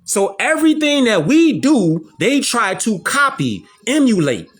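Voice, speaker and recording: A man's voice: very high-pitched, sing-song, a little slow, soft background music. A man hosting a talk show, lecturing viewers in an emphatic, repetitive way. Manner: emphatic, repeats phrases, addresses listeners as fam.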